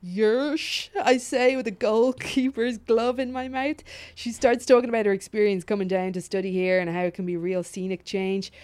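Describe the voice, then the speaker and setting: Woman reading a funny story out loud, keeps cracking up and stopping to comment, swears a fair bit. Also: medium pitch, level tone, fairly quick, hardly any pauses, clean tone. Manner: laughs often, breaks off to comment, swears freely. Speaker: podcast co-host. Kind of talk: comic reading of a story aloud.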